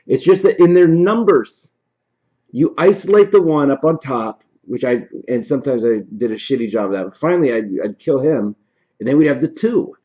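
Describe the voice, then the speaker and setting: A man streamer telling his viewers a story in casual talk, animated and profane, swinging from low mutters to shouting, worn out from no sleep. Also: muffled recording. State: tired from no sleep.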